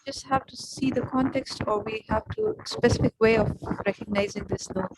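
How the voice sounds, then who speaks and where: A woman's voice: a little high, moderate pace. A woman student hesitantly asking a question in an online class, sounding far from her mic. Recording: distant mic with faint noise.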